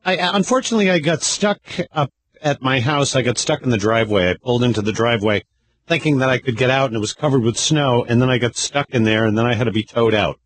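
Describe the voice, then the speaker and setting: Talk-radio sidekick, man, mid-pitched, conversational, playfully contrary, light background noise. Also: fast talker, poor audio. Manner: chatty, playfully argumentative. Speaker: radio show co-host. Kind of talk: casual radio banter.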